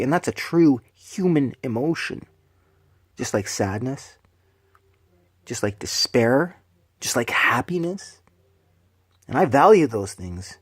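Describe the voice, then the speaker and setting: A man delivering an angry, profane, preachy rant to his viewers, swinging between loud bursts and low, hushed lines. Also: sing-song, takes it slowly, long pauses, husky, no room sound, clean studio sound. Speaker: vlogger.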